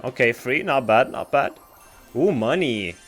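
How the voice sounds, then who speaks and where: A man's voice: mid-range voice, lively intonation, unhurried, fairly bright tone, soft background music. A young man streaming games live, chatting casually and trash-talking with lots of swearing. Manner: profane, trash-talking banter.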